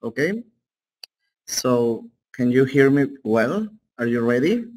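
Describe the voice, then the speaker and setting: Slow-talking man with Peruvian Spanish accent. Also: medium pitch, sing-song, a little mellow, rough recording. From Peru. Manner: unhurried, checks in with "okay?". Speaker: English teacher. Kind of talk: online class lecture.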